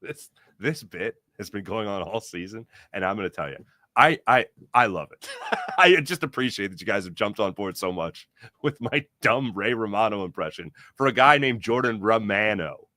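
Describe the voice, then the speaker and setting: A man hosting a live postgame sports podcast, reading viewer comments in an energetic, rambling, jokey way. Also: lowish voice, normal speed, dry recording, clean studio sound.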